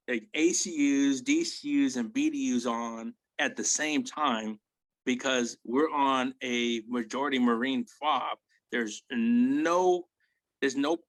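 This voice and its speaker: A man's voice: medium pitch, a bit bright, no room sound, rough recording. Rambling, blunt army veteran man. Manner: rambling, tag questions like "right?" and "you know?"; blunt, swears freely. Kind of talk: casual war storytelling.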